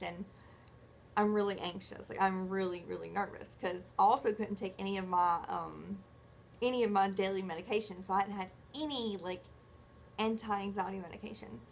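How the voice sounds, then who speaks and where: A woman's voice: mid-range voice, vocal fry. Brief: woman vlogger, chatty rambling storyteller, mid-range voice, faint background hiss. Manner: chatty, rambling storyteller who acts out quoted dialogue; self-correcting, filler-heavy. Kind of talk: casual chat.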